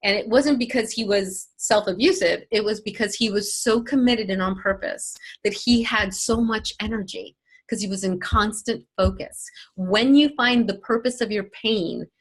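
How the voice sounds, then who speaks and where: A woman's voice: medium pitch, husky. A woman life coach talking in an interview, emphatic and motivational, often acting out quoted voices.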